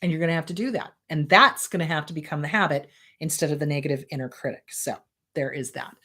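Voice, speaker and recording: A woman's voice: deep voice, fast, bright, forceful tone. A woman therapist and host, answering viewer questions in a blunt, emphatic, casual way.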